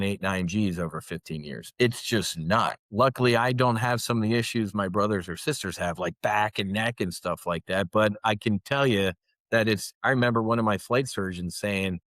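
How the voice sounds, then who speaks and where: Speaking with a fairly low, somewhat bright voice and no echo, a former fighter pilot from the US, now in his fifties, gives a candid interview. He is earnest and intense, often starting over and then pushing words out with emphasis.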